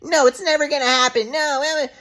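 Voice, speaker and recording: A man imitating his mother in a high, quick, sneering voice. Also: fairly even intonation, pushed and bright. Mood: dismissive. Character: dismissive, mocking mother, cold and curt.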